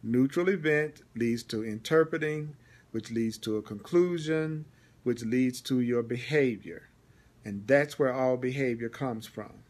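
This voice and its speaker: A man's voice: medium pitch, a little mellow. A man teaching a live-streamed spiritual lesson, repeating key phrases with emphasis and answering viewers by name. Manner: repetitive, emphatic, slows down deliberately when reading.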